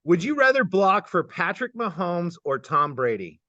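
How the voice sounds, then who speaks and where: A man from Kansas City hosting an interview, firing off quick either-or questions, upbeat and laughing often, sometimes stammering over his words. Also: high voice, big pitch swings, sharp tone, no echo. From Kansas City, United States. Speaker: host and geometry teacher. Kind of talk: lightning-round interview questions. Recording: dull, slightly muffled sound.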